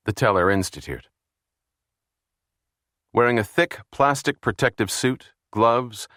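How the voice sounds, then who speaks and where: A man narrating a thriller audiobook in a steady, even reading. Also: fairly low pitch, no echo, clean studio sound.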